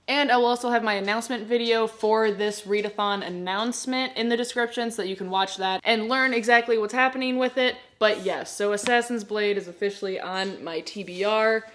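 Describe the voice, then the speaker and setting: A young woman vlogging casually, squeamish and quick to laugh. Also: mid-range voice, fairly bright tone, a little hiss or hum. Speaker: booktube vlogger. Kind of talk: casual vlog chat.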